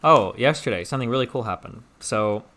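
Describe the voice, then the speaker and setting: A young man streaming, teasing a visitor and telling a story in an animated, profane way. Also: medium pitch, a little fast. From Omaha, Nebraska, US. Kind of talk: casual stream chat and storytelling.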